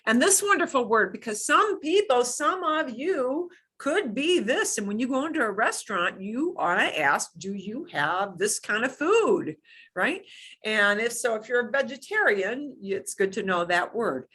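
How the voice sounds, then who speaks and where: Middle-aged lady teaching spanish to beginners, bright voice, talks real slow and spells stuff out. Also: fairly high pitch, very animated. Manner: slow, clear modeling of pronunciation. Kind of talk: beginner language lesson.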